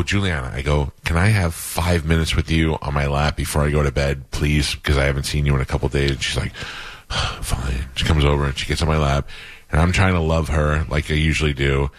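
A man's voice: extremely low pitch, fairly even intonation, fairly quick, no echo. A man hosting a radio show, telling loose, jokey stories in casual banter. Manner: loose, storytelling, jokey and rambling.

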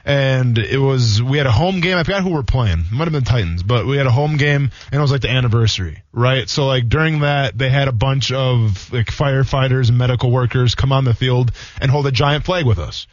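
A man's voice: medium pitch, no room sound. A man in his thirties, a former football player, co-hosting a sports radio show and telling rambling stories with lots of fillers. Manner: fast, rambling storytelling with many fillers. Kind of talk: casual sports radio talk. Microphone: studio microphone. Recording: dull, dry radio studio sound.

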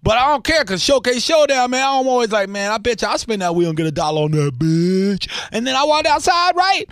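A man putting on a loud, excitable neighbor shouting from his front porch, with a drawling, wildly excited delivery. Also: very high voice, a little fast, smooth, no echo, clean studio sound, voice pushed up, heavily acted. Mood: overjoyed.

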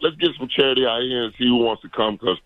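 A man's voice: mid-range voice, quick pace, dry recording. A man calling in to a radio show, boastful and playful in his trash talk, over a phone line. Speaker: phone-in guest.

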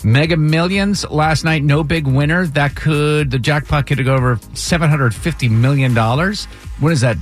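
A man's voice: a little high, normal speed, faint music behind. A man hosting a morning radio show, joking and laughing between bits. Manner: jokey, laughs often. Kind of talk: casual radio banter.

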